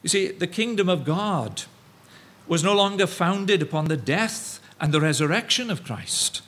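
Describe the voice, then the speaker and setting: Guy giving an evening sermon, kinda high voice, lots of uh and restarts, mocks the other side in little quotes. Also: animated, fairly bright tone, slight background noise. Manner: halting, many fillers and restarts; mimics opponents in quoted asides. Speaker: preacher.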